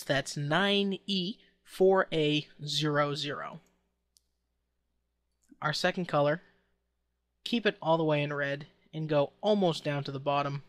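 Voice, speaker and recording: A man with a voice pitched a little above the usual narrates a software tutorial step by step. He talks in an easygoing way, with a few fillers. The sound is close and dry, with no room around it. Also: dry recording. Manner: relaxed step-by-step instruction with occasional fillers. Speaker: tutorial host. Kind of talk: screen-recorded software tutorial.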